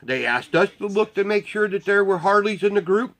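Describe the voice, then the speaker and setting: High-pitched, blunt profane man. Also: animated, fairly quick, fairly bright tone, rough recording. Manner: rambling with restarts. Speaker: volunteer motorcycle parade marshal. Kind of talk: casual storytelling.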